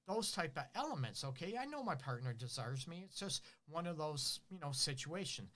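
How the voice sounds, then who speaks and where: A middle-aged man giving relationship advice on his own show. His talk is casual and lively, full of rhetorical questions and little acted-out lines from couples. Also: fairly high pitch, moderate pace. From Detroit. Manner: animated, asks rhetorical questions, acts out partners' lines. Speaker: relationship counselor hosting a show.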